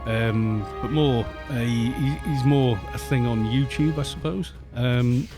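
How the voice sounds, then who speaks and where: A man's voice: medium pitch, slow pace, over music. A Welsh man streaming a game, chatting casually and rambling as he greets viewers at a desk microphone. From Wales. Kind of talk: casual live-stream chat while playing.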